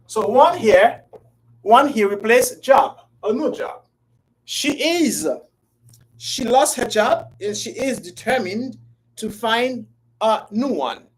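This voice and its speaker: An English teacher runs a live online grammar lesson, repeating phrases, drawing out words, and calling out to viewers by name. The mid-range voice has lively intonation and a breathy edge, and the recording is low-quality.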